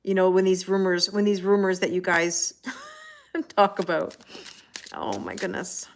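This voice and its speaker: A woman's voice: mid-range voice, measured pace, a little hiss or hum. A Canadian woman with a Canadian accent, giving a casual live-stream tarot reading and answering viewer comments. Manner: chatty, laughs often, answers viewer comments. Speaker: tarot reader.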